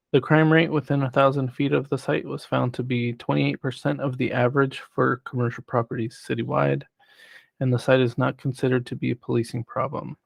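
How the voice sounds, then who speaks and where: A man on city planning staff who presents a formal report in a measured way, reading prepared remarks. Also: medium pitch, gravelly, dry recording. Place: city council chamber.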